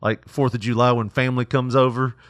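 A man's voice: mid-range voice, level tone, fairly quick, no room sound, clean studio sound. A young man telling a work story in casual chat, laughing often and acting out quotes. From Tennessee.

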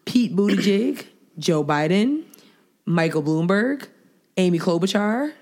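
A young woman co-hosting a casual studio talk show, blunt and joking, quick to call things nasty. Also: medium pitch, expressive, a little mellow. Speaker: podcast co-host. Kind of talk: casual chat.

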